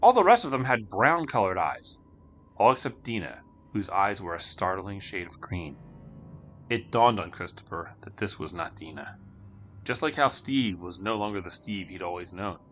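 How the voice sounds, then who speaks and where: A male storyteller with a lowish, bright voice who swings his delivery widely, slowing for dramatic beats. A faint hum of room ambience sits under the reading. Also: animated, soft background music. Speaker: narrator. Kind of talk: storytelling narration.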